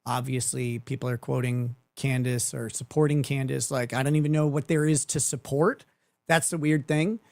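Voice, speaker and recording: A man's voice: mid-range voice, fairly even intonation, moderate pace, vocal fry, darkish tone, no room sound. A man hosting a commentary show, talking in a sarcastic, profane way and laughing often. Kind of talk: mocking online commentary.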